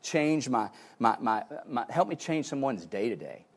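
Male pastor, mid-pitch, sermon delivery with big swings in volume, repetitive restarts. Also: very animated, moderate pace, slightly rough. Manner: swings from loud exclaiming to soft hushed tones; repeats words and restarts phrases.

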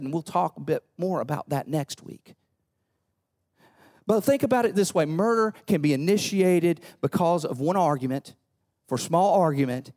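Male pastor with a slightly high voice, animated sermon, full of repetition and rhetorical questions. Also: measured pace.

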